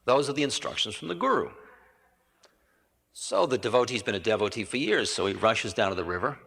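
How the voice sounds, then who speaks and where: A man's voice: medium pitch, animated, fairly quick, vocal fry, fairly bright tone, breathy edge. Male spiritual teacher telling stories, loose and conversational, mid-range voice, reverberant 1980 hall recording. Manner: rambling, conversational, with self-corrections and asides. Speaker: spiritual teacher giving a lecture. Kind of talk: storytelling lecture.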